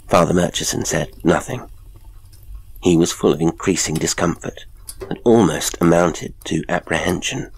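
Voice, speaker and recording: A man narrating a classic horror story in a measured, atmospheric way. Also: low voice, gravelly, breathy edge. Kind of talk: scripted horror audiobook narration.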